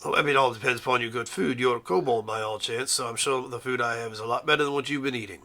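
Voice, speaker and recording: A man running a tabletop game as game master, easygoing and trailing off quietly at the ends of lines. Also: medium pitch, fast, gravelly. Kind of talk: narrating and voicing a tabletop game.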